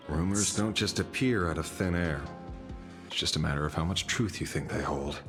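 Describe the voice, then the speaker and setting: An actor playing a calm, wry young man in a game, measured in speech. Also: low-pitched, music in the background. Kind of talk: game voice acting.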